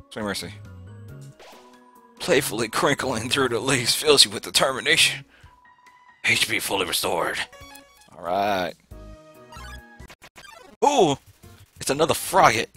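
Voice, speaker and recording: A young man playing a video game, reading its text aloud and reacting with excitable yelps and panicked shouts. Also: on the low side, husky. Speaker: let's play gamer.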